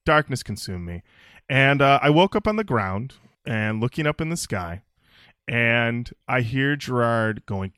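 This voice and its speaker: A man hosting a podcast, telling stories in a jokey, animated way. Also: mid-range voice, a little slow, clear, resonant tone, no echo, clean studio sound. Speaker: podcast host. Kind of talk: casual podcast chat and storytelling.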